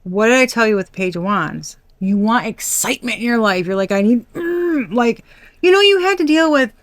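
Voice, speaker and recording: A woman's voice: a little high, animated, moderate pace, dry recording. Blunt, chatty woman tarot reader. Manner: chatty and blunt, laughs and swears often. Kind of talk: casual tarot reading monologue.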